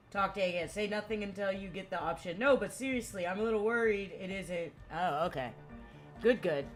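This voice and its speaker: A young woman gives casual gaming commentary in a loose, rambling way. She curses freely and fills her talk with "like" at a middling pitch. Faint game music plays behind her. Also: fairly quick. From United States. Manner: rambling, profane, lots of "like". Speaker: streamer.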